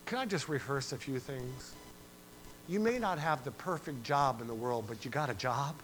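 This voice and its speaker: A man preaching a sermon as pastor, animated and conversational, acting out quoted voices and singing a verse. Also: mid-range voice, normal speed, a little hiss or hum, rough recording.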